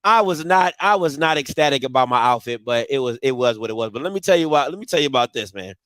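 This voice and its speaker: A man, hosting a live show and telling a story in casual chat, animated and swinging from loud outbursts to low murmurs. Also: quick pace, dry recording. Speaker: podcast host.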